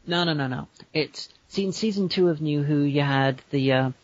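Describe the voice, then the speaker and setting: Chatty man, higher pitch, dry mic. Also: dry recording, highs cut off. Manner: rambling, quick to put on silly voices. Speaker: podcast co-host. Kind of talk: casual chat.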